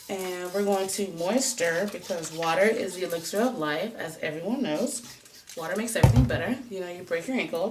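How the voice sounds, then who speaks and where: A woman's voice: on the low side, slight background noise. A woman chatting casually through a hair how-to, rambling and joking at herself as she goes. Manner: chatty, rambling, self-mocking. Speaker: hair vlogger. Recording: voice a bit distant from the mic.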